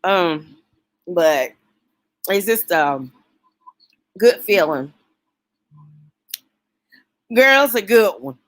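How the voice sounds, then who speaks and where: A woman hosting a casual late-night livestream, talking warmly and emotionally with her viewers. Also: on the low side, sing-song, extremely slow, pauses often, no room sound. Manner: emotional, folksy, talks straight to chat.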